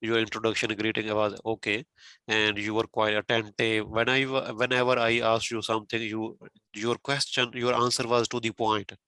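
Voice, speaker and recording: A man's voice: lowish voice, flat delivery, normal speed, sharp tone, clear, resonant tone, dry recording, poor audio. A male tutor giving spoken feedback on a mock speaking exam, patiently explaining step by step and often saying "okay" and "you know".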